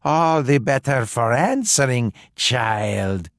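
A man voicing a sly, hungry male wolf who talks slowly and coaxingly. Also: animated, dry recording, clean studio sound. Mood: falsetto disguise. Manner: slow, low and coaxing.

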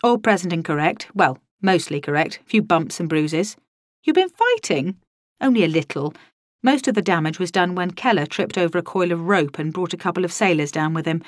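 A woman voicing a brisk joking young man. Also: lowish voice, animated, dry recording, clean studio sound, close to an everyday voice. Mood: wry.

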